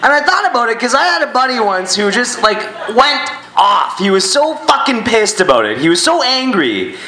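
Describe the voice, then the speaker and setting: A man performs stand-up into a handheld mic, his voice bright and sharp, swinging widely up and down as he tells crude, self-mocking stories. The sound carries the echo of a club room around him. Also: extremely high pitch, normal speed. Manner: crude, self-deprecating, animated storytelling. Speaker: stand-up comedian. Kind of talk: stand-up set. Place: comedy club stage.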